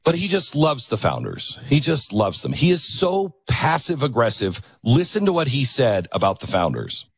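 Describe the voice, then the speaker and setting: A man's voice: medium pitch, huge pitch swings, normal speed, creaky, few pauses, husky, dry recording. A man hosting a political talk show, commenting with sarcastic, mocking asides.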